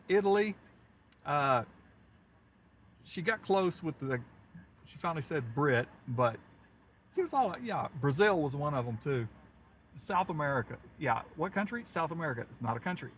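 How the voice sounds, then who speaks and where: A man's voice: fairly high pitch, fairly bright tone, a little hiss or hum. A man chatting casually on a storm-chasing livestream from inside his car, rambling through stories and chuckling often. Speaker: storm chaser streaming live. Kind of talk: casual live-stream chat.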